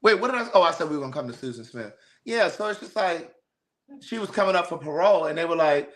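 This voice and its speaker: A man with a high, bright, ringing voice chats on a podcast. His talk is blunt and animated, full of asides and casual swearing. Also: fast talker. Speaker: podcast host. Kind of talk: casual chat.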